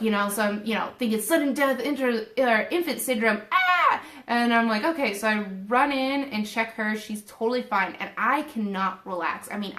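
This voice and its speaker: A young woman hosting a spiritual talk, casually retelling a personal story in an animated, emotional way. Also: fairly high pitch. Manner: animated, emotional retelling with quoted inner voices. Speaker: spiritual video host. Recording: roomy echo.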